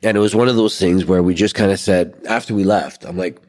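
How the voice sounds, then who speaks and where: A man's voice: low voice, steady tone, quick pace, a little mellow. A man co-hosting a podcast, telling a story in a loose, rambling way full of fillers, sitting outdoors by a pool. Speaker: podcast co-host. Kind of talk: casual storytelling chat.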